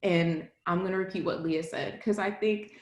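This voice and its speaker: A woman speaking as a podcast guest in casual interview chat, lively and chatty, laughing often and filling her speech with "like". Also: lowish voice, moderate pace. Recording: roomy echo.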